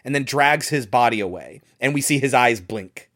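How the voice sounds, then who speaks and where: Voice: mid-range voice, lively intonation, moderate pace, fairly bright tone. A co-host in casual chat who walks through a horror film's plot with dry asides. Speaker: podcast co-host.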